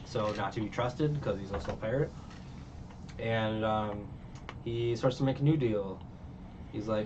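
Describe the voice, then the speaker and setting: A man's voice: fairly low pitch, a little slow, pauses often, a little mellow. A man giving a casual, rambling recap of a show, full of fillers and laughs. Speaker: reviewer. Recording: distant dull mic with faint noise.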